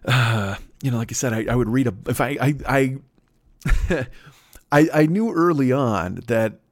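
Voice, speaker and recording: A man hosting a comedy podcast who rambles through a foul-mouthed rant, cutting himself off and restarting as he goes. His pitch sits in the middle range for a man. The sound is dry and close, with no room echo. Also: lively intonation, moderate pace. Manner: rambling, heavy swearing, self-interrupting. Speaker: podcast host.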